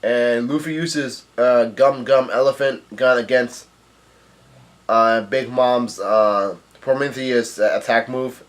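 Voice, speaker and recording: Casual man recapping a manga aloud. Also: mid-range voice. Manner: halting, stumbles over names, narrates dialogue aloud. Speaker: manga reader and video host.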